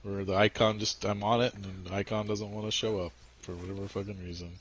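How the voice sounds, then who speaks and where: A man chatting casually while gaming with friends, swearing often and telling stories in an animated way. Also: fairly low pitch, quick pace, a little hiss or hum, low-quality recording. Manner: profane, animated storytelling. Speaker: gamer playing with friends.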